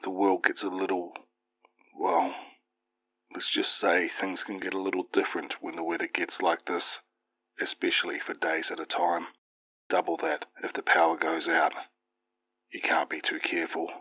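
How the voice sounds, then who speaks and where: A man voicing a caring middle-aged father who speaks softly and hesitantly over the phone. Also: low-pitched, normal speed, creaky, long pauses, dry recording, muffled recording. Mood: uneasy. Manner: soft-spoken, hushed and hesitant.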